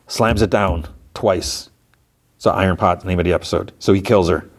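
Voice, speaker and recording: A man's voice: on the low side, a little mellow. A man hosting a podcast, casually recapping episodes in a rambling way with many restarts. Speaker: podcast host.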